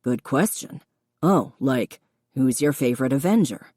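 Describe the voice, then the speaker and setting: Patient, encouraging young man teaching cooking in an audiobook, read by a woman; low and dry. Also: animated, measured pace, husky, dry recording, full character voice. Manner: patient, encouraging, gently instructive.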